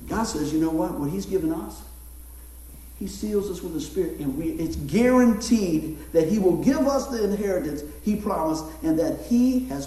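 Middle-aged pastor, folksy and joking, animated high voice, roomy distant church sound. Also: male voice. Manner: folksy, joking, talks to the congregation. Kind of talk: sermon. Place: church sanctuary. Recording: echoey church room, mic far off.

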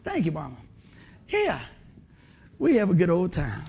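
A pastor with a high voice preaches in an animated, storytelling style. He drops to hushed asides, then bursts into excited exclamations. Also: a little slow, gravelly, breathy edge. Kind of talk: lively storytelling sermon.

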